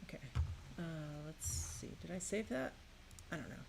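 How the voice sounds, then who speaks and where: A woman's voice: on the low side, very animated, normal speed, vocal fry, noisy background. A woman making and playtesting her own game, musing aloud to herself in a curious, tinkering way. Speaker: game maker. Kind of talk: casual think-aloud while building and playtesting a game.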